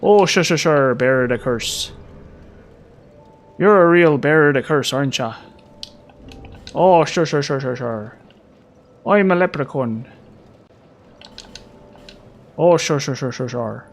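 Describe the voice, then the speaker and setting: A man's voice: mid-range voice, lively intonation, measured pace, long pauses. A man putting on a jolly leprechaun with a mock Irish accent, sing-song and repetitive. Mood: teasing. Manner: sing-song, repeating itself. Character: boisterous male Irish leprechaun, jolly and teasing.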